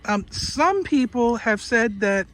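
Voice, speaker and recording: A man with a very high voice plays a reporter in a mock interview. He asks his questions haltingly, full of fillers, with a faint hiss behind him. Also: lively intonation, a bit bright.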